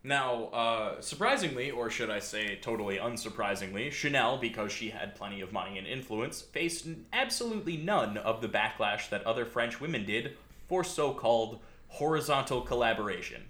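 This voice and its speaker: A man's voice: mid-range voice, expressive, moderate pace, few pauses, a bit bright, reverberant. A man hosting a podcast, telling a history story in a casual, sardonic way with frequent fillers.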